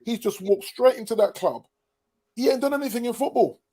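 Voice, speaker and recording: A man's voice: very high voice, fairly quick, dark tone. A man co-hosting a football podcast in casual chat, opinionated and repeating his points for emphasis. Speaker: podcast co-host.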